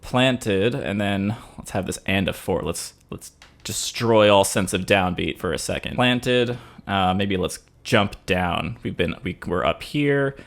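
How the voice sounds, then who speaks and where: Chatty male composer thinking out loud. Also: sits low, measured pace, vocal fry. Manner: relaxed and chatty, says melody lines out loud to feel the rhythm. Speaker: composer and music teacher. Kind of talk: casual on-the-spot teaching while composing.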